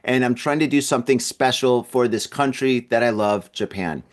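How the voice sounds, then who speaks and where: A man hosts a relaxed podcast from home, speaking at a middle pitch. He rambles along in an easygoing, chatty way and often doubles up on words as he goes. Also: normal speed. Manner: rambling and chatty, with frequent word repeats. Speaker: podcast host. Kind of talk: casual podcast chat.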